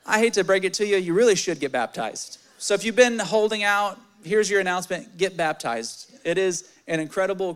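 A young man preaching a sermon, candid and animated, telling personal stories and reading scripture. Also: clean tone. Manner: candid and animated, swelling louder in stories, dropping low on scripture.

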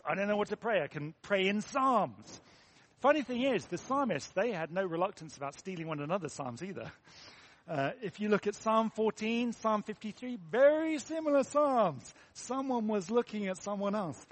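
A man's voice: fairly high pitch, a bit bright. An English man preaching a sermon in an earnest, conversational way, with self-deprecating asides.

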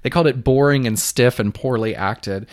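A man co-hosting a casual podcast, recapping a movie plot in an animated, jokey, profane way. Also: medium pitch, normal speed. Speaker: podcast co-host.

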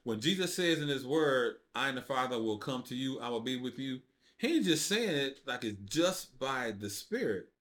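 Here a man from the U.S. gives his testimony of faith as a podcast guest, moving at a moderate pace. The conversation is casual; he performs quotes with dramatic rises and falls in pitch and drops verbs in his informal speech.

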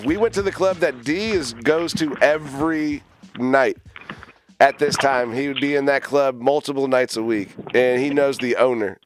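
A man hosting a radio show, telling stories in casual chat and laughing often. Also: mid-range voice. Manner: laughs often, animated storytelling. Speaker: radio host. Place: radio studio.

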